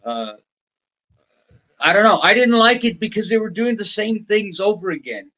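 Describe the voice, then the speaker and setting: Poor audio carries the voice of an older American man guesting on a podcast, very animated, bright and forceful, pitched high at a moderate pace. He rambles through stories in casual interview style, restarting and mimicking others in put-on voices.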